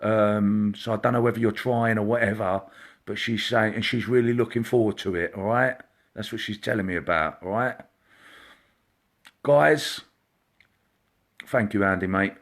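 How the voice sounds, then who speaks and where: Low-voiced man doing live readings. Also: moderate pace, pauses often. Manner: chatty, greets viewers by name, drops to a quiet murmur while listening. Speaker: psychic medium host. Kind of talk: casual live-stream reading. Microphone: computer or phone mic, live stream.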